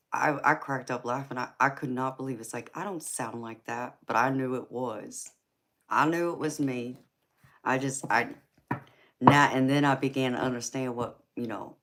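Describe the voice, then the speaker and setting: A woman with a Georgia Southern accent chats easily with her viewers, laughing often. She calls them honey and girlfriend and keeps a friendly, talkative flow. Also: very deep voice. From California. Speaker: livestream tarot reader. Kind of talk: casual live-stream chat with viewers.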